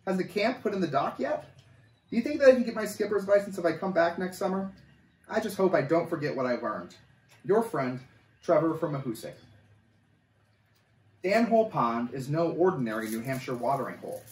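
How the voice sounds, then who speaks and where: A man reading a chapter of a children's story aloud, with an animated, expressive delivery. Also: sits high, a little fast, recorded from a distance. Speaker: camp coordinator reading a story. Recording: echoey room, voice off-mic.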